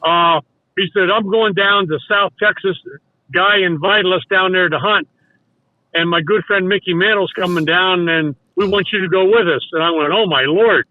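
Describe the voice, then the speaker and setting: A man's voice: high-pitched, fairly even intonation, normal speed, no echo. An older man, a retired baseball coach, telling long rambling stories with restarts and acted-out quotes. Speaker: guest, former baseball coach. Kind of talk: casual storytelling. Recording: dry, tinny phone-like sound.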